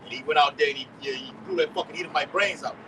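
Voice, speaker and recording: A man's voice: on the high side, rapid-fire. A man preaching outdoors on the block, cursing and citing scripture chapters. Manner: profane, quotes scripture chapters. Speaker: street preacher. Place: outdoors on a street. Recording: distant mic, faint street noise.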